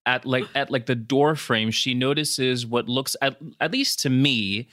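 Bright-voiced man recapping a film plot. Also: medium pitch, unhurried, dry recording, clean studio sound. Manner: loose and jokey, uses sound effects and fillers. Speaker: podcast co-host.

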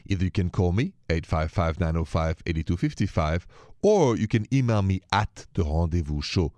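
A man hosting a radio relationship advice show in a playful, animated way. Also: sits low, moderate pace, no echo. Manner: animated, playful, mixes in French greetings.

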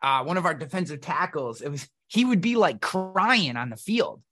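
A man on a podcast, telling blunt, profane stories in a casual, animated way. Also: fairly high pitch, moderate pace. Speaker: podcast guest. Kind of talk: casual conversation.

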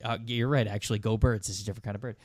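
A man's voice: fairly low pitch, fairly even intonation, very fast, dry recording, clean studio sound. A man co-hosting a casual sports podcast, making emphatic points and firing rhetorical questions. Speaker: podcast co-host.

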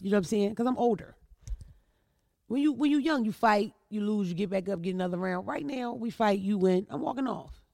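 A podcast host delivers a brash, profane, casual comedic monologue, telling stories that build into rising outbursts. Her voice is fairly high and creaky, recorded in clean studio quality with no echo.

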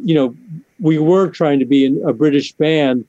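Dry, self-deprecating man with a dark voice. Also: a little high, normal speed, no room sound, highs cut off. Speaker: musician guest. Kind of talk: casual interview talk.

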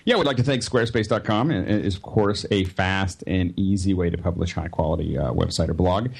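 A man's voice: deep voice, fairly quick, creaky, husky. A man on a podcast doing a sponsor read in a loose, rambling way with lots of fillers. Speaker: regular podcast panelist.

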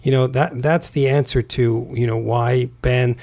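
A man's voice: mid-range voice, steady tone, a little slow, darkish tone. A man, a Taoist author, talking as a podcast guest in a rambling way, restarting and repeating words. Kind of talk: casual conversation.

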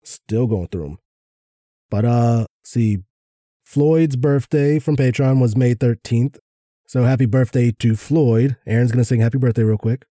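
A man co-hosting a podcast in casual chat, laid-back and given to rambling asides while reading shout-outs. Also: mid-range voice, a little slow, no room sound, clean studio sound. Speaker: podcast co-host.

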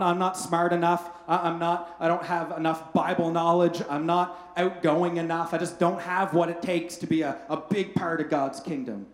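A man's voice: on the high side, a little mellow, echoey room. A man preaching a family sermon, telling humorous stories in a casual, chatty way and checking in with "right?". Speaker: pastor.

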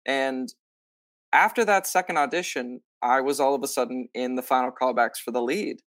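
Bright punchy guy telling stories, acts out quotes, says like a lot, dry close sound. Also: medium pitch, normal speed, no room sound. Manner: animated, acts out quoted lines; many filler likes. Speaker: musical theater actor, guest. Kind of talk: casual storytelling interview.

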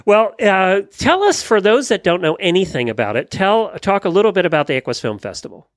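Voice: mid-range voice, a little fast, no room sound. A talk radio host who chats and jokes easily with guests and callers. The voice rises and falls a lot. The sound is dry and close. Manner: chatty, laughing, lively.

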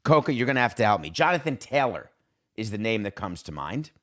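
A man's voice: sing-song, fairly quick, fairly bright tone. A man hosting a sports podcast, giving an opinionated monologue in an emphatic voice and acting out quoted exchanges as he goes. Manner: emphatic, acts out quoted exchanges with pitch swings. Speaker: podcast host.

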